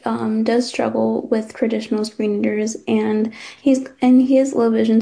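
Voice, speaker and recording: A woman's voice: fairly high pitch, vocal fry, dark tone. A young woman presenting her startup's product over a video call, hesitant with many fillers. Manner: hesitant, filler-heavy, upspeak-prone. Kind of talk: casual pitch presentation.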